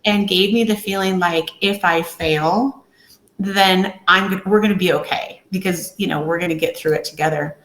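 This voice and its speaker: A woman's voice: on the low side, steady tone, normal speed, a bit bright. A woman guest on a podcast, talking candidly and telling her story with acted-out quotes. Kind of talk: casual interview talk. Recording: echoey room.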